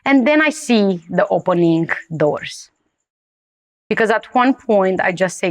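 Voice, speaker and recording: A woman's voice: mid-range voice, lively intonation, normal speed. A woman from Romania, speaking earnestly in broken English as an interview guest sharing her personal testimony.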